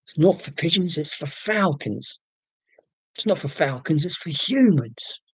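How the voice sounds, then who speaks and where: Man doing a gruff London falconer, London accent, brusque and barking, highish voice, dry sound. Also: animated, measured pace, no echo, heavily acted. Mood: shooing. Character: gruff London falconer shooing pigeons off roofs. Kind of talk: comic impression on a livestream.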